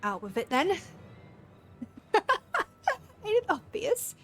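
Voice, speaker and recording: A woman's voice: very high voice, big pitch swings, drawn-out words, soft background music, pitched above the performer's own voice, heavily acted. A woman doing a swaggering cutthroat pirate. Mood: menacing. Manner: rough put-on pirate accent, drawled taunts. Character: swaggering cutthroat pirate villain, taunting and bloodthirsty.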